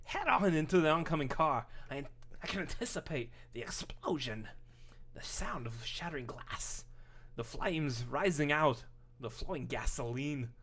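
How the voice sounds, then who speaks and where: A man doing a halting, whispery Walken-style creep. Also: on the high side, lively intonation, a bit bright, heavily acted. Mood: eerie confession. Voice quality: halting, whispery dramatic pauses.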